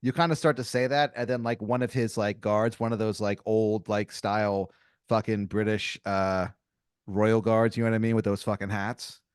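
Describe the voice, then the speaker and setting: A man's voice: on the low side, flat delivery, moderate pace, clear, resonant tone, no room sound, studio quality. A man narrating an improvised comedy story as game master, rambling with lots of "like" and restarts. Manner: rambling, full of "like" and restarts, many acted quotes.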